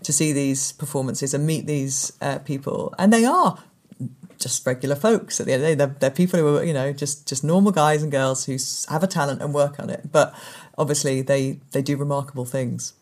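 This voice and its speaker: A woman's voice: low-pitched, fairly quick. A woman in her forties, a sports presenter, chatting as a guest and animatedly telling stories. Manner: animated storyteller, acts out quoted voices. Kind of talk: casual interview chat.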